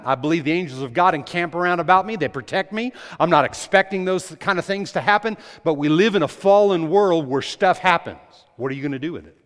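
A man's voice: on the high side, fairly bright tone. Preaching man in a reverberant church hall. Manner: emphatic, repetitive preaching with rising volume. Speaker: pastor. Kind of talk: sermon.

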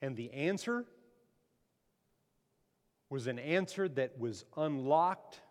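A pastor preaching a sermon, emphatic and repeating phrases, calling the congregation to answer amen. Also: male voice, medium pitch, lively intonation, slow pace. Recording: long hall reverb.

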